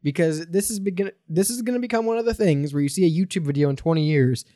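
A man hosting a podcast in casual chat, animated and joking, telling rambling stories. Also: on the high side, quick pace, no room sound, studio quality. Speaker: podcast host.

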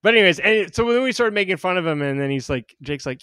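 A man co-hosting a crude comedy podcast, talking loudly and breaking into shouted silly voices. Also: high-pitched, quick pace, smooth, no echo. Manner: loud, animated, jumps into shouted silly voices. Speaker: podcast co-host.

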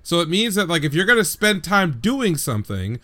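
A man's voice: sits high, big pitch swings, normal speed, bright, forceful tone. A man co-hosting an anime podcast, casually talking through his reasoning point by point. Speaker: podcast co-host. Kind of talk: casual chat, anime review.

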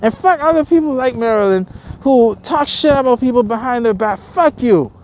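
A woman's voice: fairly high pitch, lively intonation, moderate pace, darkish tone, dull audio, slight background noise. A woman vlogger delivering a heated, profane rant to her viewers, repeating herself, stumbling over restarts and swearing constantly. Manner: angry, repetitive, stammering restarts, swears constantly.

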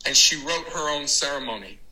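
A man, a church leader, telling an anecdote in a devotional talk, dramatic and animated, acting out the quotes. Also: on the high side, a little fast, a loud crowd, rough recording.

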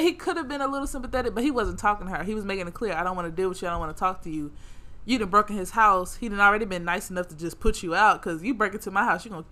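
A young woman hosts a podcast, talking through a TV episode in blunt, profane, casual chat. She laughs often between points. Her voice is bright and forceful, at a middle pitch. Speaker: podcast host. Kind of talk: casual chat recapping a TV show.

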